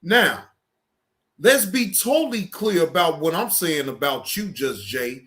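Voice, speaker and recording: Slow, emphatic man calling someone out. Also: fairly high pitch, big pitch swings, a bit bright. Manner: drawn-out, emphatic, cursing. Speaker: streamer addressing a rival. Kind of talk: slow confrontational callout.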